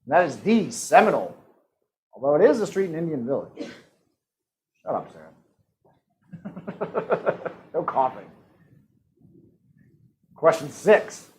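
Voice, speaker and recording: A man hosting a live-streamed trivia game, reading out questions and answer choices with quick jokes and frequent laughs. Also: medium pitch, sing-song, slight background noise, rough recording. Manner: jokey, laughs often, reads out multiple-choice options. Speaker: trivia host.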